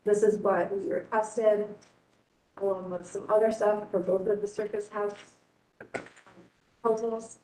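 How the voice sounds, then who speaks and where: A female staff member reading out a staff report in a brisk, businesslike manner at a public meeting. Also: level tone, mellow. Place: council chamber. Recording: distant echoey chamber, faint rumble.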